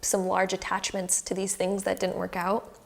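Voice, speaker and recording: A woman's voice: mid-range voice, monotone, normal speed, vocal fry. A young woman reads tarot cards for her viewers in a loose, chatty way, with "like" peppered through her sentences. She gets openly emotional as she talks, and she sits close to her camera. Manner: chatty and effusive, heavy use of "like", emotional. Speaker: tarot reader. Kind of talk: casual pick-a-card tarot reading to camera.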